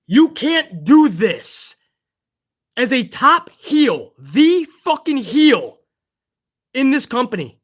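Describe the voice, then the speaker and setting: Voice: sits high, slow. A livestream host of a pro wrestling channel ranting heatedly, swearing often. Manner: excitable. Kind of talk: livestream rant.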